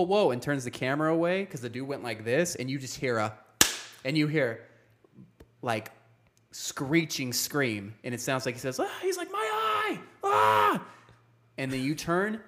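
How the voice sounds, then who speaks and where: A man in a casual group chat, telling a long story in an animated, loose way. His speech is heavy with profanity and broken by laughs. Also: mid-range voice. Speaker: podcast co-host.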